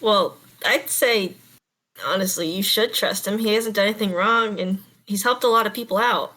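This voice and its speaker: A woman doing a calm, persuasive townsman. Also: mid-range voice, normal speed. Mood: reassuring.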